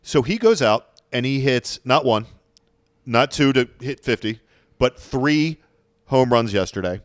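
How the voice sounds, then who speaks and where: A man co-hosting a casual sports podcast in a mid-range, everyday voice. He talks in a measured way with plenty of restarts, and the sound is dry and close. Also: mid-range voice, animated, no room sound. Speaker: podcast co-host.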